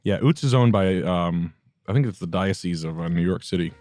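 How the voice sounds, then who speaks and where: A man's voice: deep voice, fairly quick, a little mellow, dry recording, clean studio sound. A man co-hosting a podcast, telling rambling jokey stories in casual chat. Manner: rambling, joking storyteller. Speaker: podcast co-host. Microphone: podcast mic.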